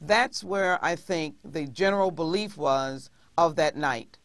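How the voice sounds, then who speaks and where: A woman speaking as a congresswoman in a TV interview, measured and pausing often with hesitations. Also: low-pitched, dry recording. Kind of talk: TV interview guest.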